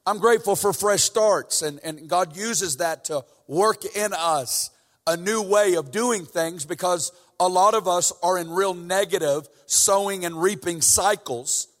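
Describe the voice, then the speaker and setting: A man with a voice that sits high preaches a little slowly as a guest in a church sanctuary, where the hall reverb is noticeable. He starts casually and works up to fervent emphasis.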